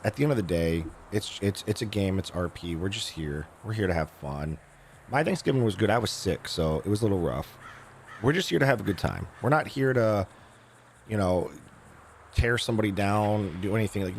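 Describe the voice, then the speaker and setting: A hoarse man with a very low voice, chatting loosely to his stream audience and stopping often to restart his sentences. Faint noise sits under the recording. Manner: rambling, with many fillers and restarts. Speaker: game streamer. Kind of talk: casual live-stream chat.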